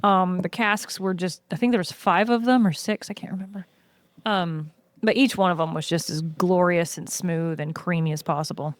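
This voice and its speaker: A woman guest in casual podcast chat, telling lively stories with frequent "um"s. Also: on the low side, normal speed, dry recording. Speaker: podcast guest, brewery co-owner.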